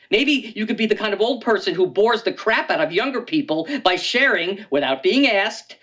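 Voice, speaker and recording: Wry man in his sixties reading comic poems. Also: high voice. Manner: wry, comic delivery with sudden loud rising outbursts. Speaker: poet. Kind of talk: live poetry reading. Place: bookstore reading.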